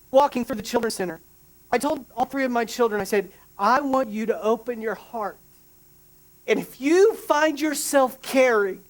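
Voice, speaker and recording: A middle-aged man preaching a sermon, an emotional storyteller who restarts sentences and adds quick asides. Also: extremely high pitch. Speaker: pastor.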